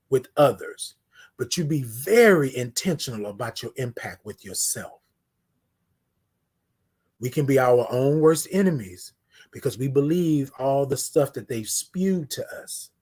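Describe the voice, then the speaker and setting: A man hosting a live-streamed morning show, talking in a preachy, affirming way, repeating his lines and swinging from loud to hushed. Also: mid-range voice, slightly rough. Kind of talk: motivational live-stream talk.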